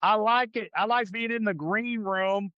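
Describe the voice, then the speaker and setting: A man's voice: high voice, unhurried, pushed and bright, dry recording, dull audio. A man hosting a comedy podcast, riffing through absurd improvised jokes. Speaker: podcast host. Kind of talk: casual comedic chat.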